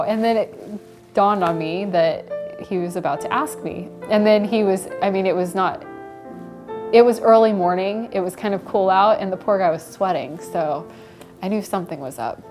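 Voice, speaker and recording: A woman's voice: mid-range voice, normal speed, darkish tone, soft background music. A woman chatting casually about her engagement, laughing lightly between phrases with many ums and likes. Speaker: bride telling how she was proposed to. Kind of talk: casual personal storytelling to camera.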